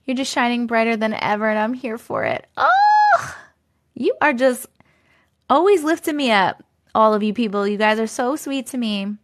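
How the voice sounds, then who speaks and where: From a basement setup with a standard microphone, a woman livestreams in a casual, chatty way. She speaks at a moderate pace in a high-leaning voice, laughing frequently and thanking viewers as she reads out their comments.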